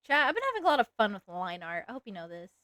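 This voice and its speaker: A woman's voice: medium pitch, very animated, racing, pushed and bright, no echo. A woman streamer chatting casually while she draws, rambling along with lots of "like" fillers. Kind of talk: casual livestream chat while drawing.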